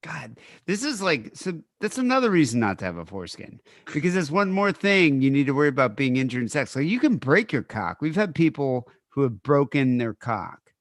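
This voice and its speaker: Lively, questioning woman podcast host. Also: a bass voice, no room sound, clean studio sound. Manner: animated, curious, quick questions. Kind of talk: casual crude chat.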